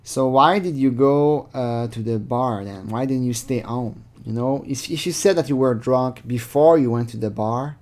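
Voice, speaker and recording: A man's voice: mid-range voice, normal speed, hardly any pauses, a little mellow. Rambling man commenting casually. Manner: rambling, many fillers, sarcastic asides. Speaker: channel host. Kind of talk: casual commentary reading chat logs.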